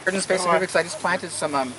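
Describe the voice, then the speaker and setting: A man's voice: high voice, rapid-fire, crowd noise, low-quality recording. An older man giving a casual, enthusiastic tour of his garden and orchard outdoors, talking in a folksy way that stumbles and repeats words. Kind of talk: casual guided garden walk. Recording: outdoor field recording with steady background noise.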